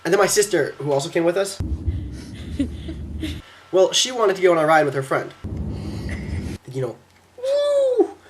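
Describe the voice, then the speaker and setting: Fast-talking excitable teenage boy. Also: a little high, slight background noise. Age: teens. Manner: fast, excitable, acts out quotes in silly voices. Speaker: exchange student vlogger. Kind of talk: casual storytelling vlog. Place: at home by his computer.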